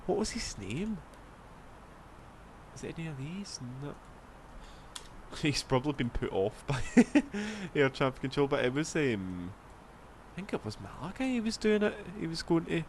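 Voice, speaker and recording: A man's voice: fairly high pitch, big pitch swings, normal speed, long pauses. Chatty Scottish man over engine hum. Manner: rambling, chatty, swears casually. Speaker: flight sim streamer. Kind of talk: casual gameplay commentary.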